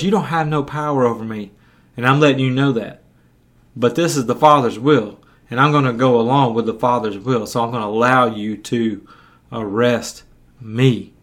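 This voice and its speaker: A man's voice: mid-range voice, a bit bright. A male preacher retelling scripture in a sermon, speaking conversationally and often repeating words as he goes.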